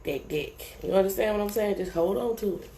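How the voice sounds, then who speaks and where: A woman's voice: medium pitch, fairly quick, creaky, dark tone. A woman giving a live tarot reading in a casual, profane, chatty way, often checking in with the listener. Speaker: tarot reader. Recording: echoey room, faint background noise.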